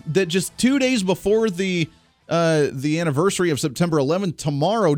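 A man hosting a political talk radio show, speaking in an emphatic, animated way that rises on key words. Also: on the high side, no echo.

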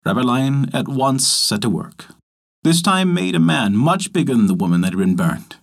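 A man reads an old folktale aloud in a measured, storytelling manner. His voice is husky, and his pitch rises and falls a great deal as he narrates. It is a scripted storybook reading. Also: sing-song.

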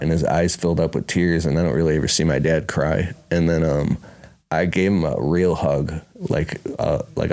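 A man's voice: extremely low pitch, normal speed, gravelly, a little mellow. A man telling a rambling, emotional personal story in casual speech, saying "bro" and "dude". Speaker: speaker at a business conference.

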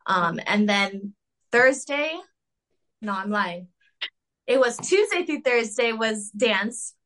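A young woman speaks with a bright, slightly high voice in a loose, rambling way, leaning on "like" and "um". She throws in mocking high-pitched quotes as she tells her story over a video call. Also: expressive, takes it slowly. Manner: chatty, filler-heavy with lots of "like" and "um". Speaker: interview guest. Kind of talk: casual interview chat.

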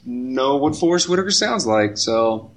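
A man's voice: mid-range voice, animated, measured pace. A man co-hosting a podcast, teasing and wry in casual chat. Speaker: podcast co-host.

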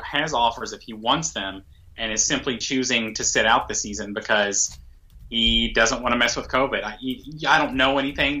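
Bright-voiced wry male co-host. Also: mid-range voice. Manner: dry, wry, teasing. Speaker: podcast co-host. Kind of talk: casual sports talk.

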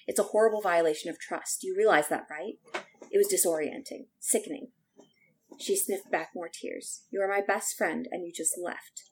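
Soft-voiced woman reading a novel aloud. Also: on the low side, husky, poor audio. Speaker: podcast co-host.

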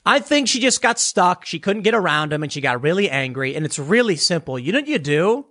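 A man's voice: fairly high pitch, big pitch swings, a little fast, a bit bright. A man ranting as a political commentator, sarcastic, dismissive and blunt. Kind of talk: casual opinion rant.

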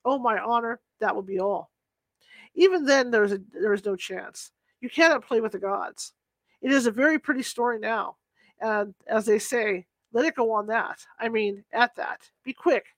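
A woman voicing an excited, insistent male scholar in an audiobook reading, speaking urgently and earnestly. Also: a little high, normal speed, no room sound, lightly acted.

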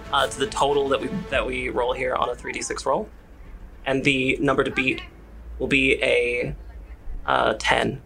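A man running a tabletop role-playing game, explaining rules and scenes with frequent hesitations. His voice is gravelly and bright, at a middle pitch, with faint music under it. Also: rough recording. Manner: explanatory, hesitant with many fillers. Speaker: game master.

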